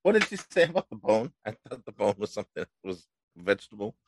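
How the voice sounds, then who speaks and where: A man's voice: fairly low pitch, big pitch swings, quick pace, noisy background. A man hosting a podcast in casual chat, easygoing and chuckling often. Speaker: podcast host.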